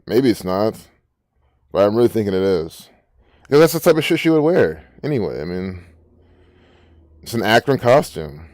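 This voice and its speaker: A man's voice: lowish voice, big pitch swings, normal speed, pauses often, darkish tone, dry recording, studio quality. A man hosting his own channel, giving rambling, profane and indignant commentary while reading from a screen. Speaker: channel host.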